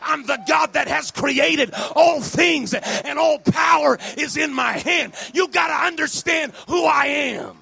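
A male pastor preaching a sermon at a men's conference, moving between shouted, sing-song preaching and quiet, low teaching. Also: a little slow, creaky, hardly any pauses.

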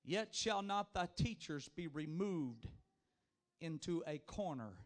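A man preaching a revival sermon as an evangelist, shifting between fervent shouting and soft, low-voiced passages, with repeated calls to the congregation. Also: animated, slow pace. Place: church youth rally before a congregation.

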